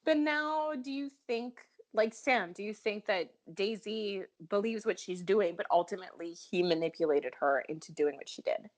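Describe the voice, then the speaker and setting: A woman co-hosting a fan podcast in casual chat, animated and often laughing, with a head cold. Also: medium pitch, moderate pace, few pauses. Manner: animated, laughs often, talks herself in circles. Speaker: podcast co-host.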